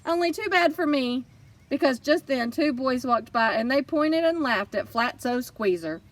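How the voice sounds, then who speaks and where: A woman narrating a children's audiobook in first person, lively and expressive. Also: sits high, moderate pace, far from the mic. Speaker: audiobook reader.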